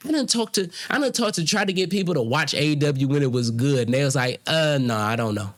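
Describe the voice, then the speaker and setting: A man's voice: on the high side, quick pace. A man, co-hosting a podcast and arguing his point hard, swearing and talking over the others. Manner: emphatic, argumentative, swears, talks over others. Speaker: podcast co-host. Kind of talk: heated casual debate.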